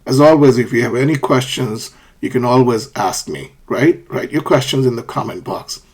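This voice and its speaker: A man with a slightly husky voice gives an online lesson on English intonation. He says example sentences aloud to show rising and falling pitch. He keeps checking in with his students, asking "okay?" and "all right?". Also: normal speed, darkish tone. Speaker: English teacher.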